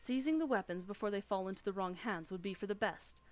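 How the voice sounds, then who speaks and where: A woman reading the formal, measured lines of a dignified male commander from a game. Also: medium pitch, faint music behind, natural voice. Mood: earnest. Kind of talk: reading game dialogue aloud.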